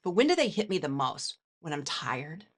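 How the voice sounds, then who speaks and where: A woman's voice: deep voice, very animated, normal speed, husky. A woman podcast host and counselor giving an earnest, motivational self-help talk and speaking directly to the listener.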